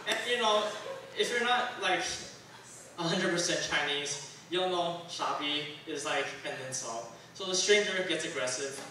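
A man's voice: a little high, normal speed, pushed and bright, a little hiss or hum. A young man from Taiwan doing a stand-up comedy set, rambling and self-deprecating with lots of fillers, on a club stage. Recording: very echoey room, distant mic.

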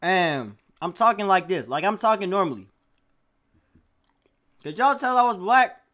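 Slangy male streamer with a lively, high voice. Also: unhurried. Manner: loose, slangy and swearing, questions chat often. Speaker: streamer reacting to a video. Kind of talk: casual chat with stream viewers.

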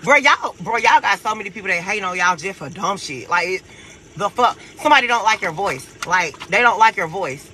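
Animated, profane, high-voiced man reading tarot. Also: brisk, slight background noise, rough recording. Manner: profane, animated, laughs a lot. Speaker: tarot reader. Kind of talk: casual tarot reading for viewers.

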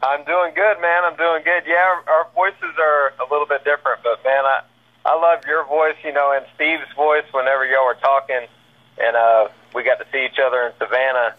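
A man's voice: medium pitch, fairly even intonation, a little fast. A man from Georgia with a Southern accent, chatting casually as a podcast guest and saying "man" often. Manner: easygoing, repeats words and fillers like "man". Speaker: guest, paranormal investigator. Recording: tinny phone line.

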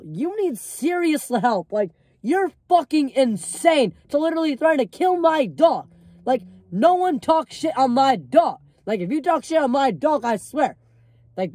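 Teen boy vlogger, warm mellow tone, dry close sound, rambling and swearing. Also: extremely high pitch, no room sound. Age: teenager. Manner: rambling, filler-heavy, swears freely. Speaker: storyteller. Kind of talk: casual storytime vlog.

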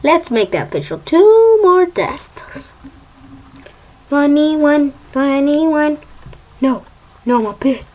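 A woman's voice: sits high, sing-song, slow, pauses often, a little mellow. A woman hosting her own gaming video, talking playfully and chanting silly sound effects as she plays. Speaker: gaming channel host. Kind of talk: casual gameplay commentary.

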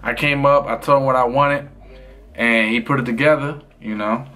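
A man's voice: mid-range voice, steady tone, moderate pace, pushed and bright. A man streamer in casual chat with his viewers, talking in a loose, rambling way full of fillers.

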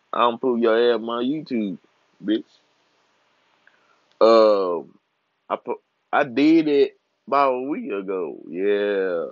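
A man's voice: medium pitch, no echo. A man in his twenties on a casual, profane rant, trash-talking and swearing freely. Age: 20s. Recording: dull lo-fi recording.

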